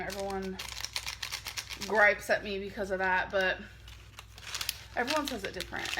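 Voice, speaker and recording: A woman's voice: mid-range voice, background noise. Stuffy-nosed woman chatting while eating. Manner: chatty, rambling, chewing between remarks. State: stuffy nose, breathing heavily. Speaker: vlogger. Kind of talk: casual mukbang chat while eating.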